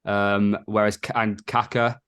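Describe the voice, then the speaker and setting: Candid man with a lowish voice. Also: little pitch movement, measured pace, a bit bright, clear, resonant tone. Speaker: podcast guest. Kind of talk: casual football podcast chat.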